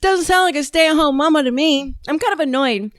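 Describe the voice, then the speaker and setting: A blunt, rambling woman hosting a political talk show, often breaking off and restarting her sentences. Her voice sits fairly high, and the sound is close and dry with no room echo. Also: fairly quick, fairly bright tone. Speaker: podcast host and political candidate. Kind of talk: casual political commentary.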